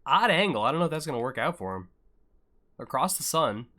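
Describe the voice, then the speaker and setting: A man's voice: medium pitch, big pitch swings, a little fast, bright, forceful tone. A young adult man hosting a live stream, commentating an event in a casual style and bantering jokingly with chat. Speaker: livestream host and event commentator.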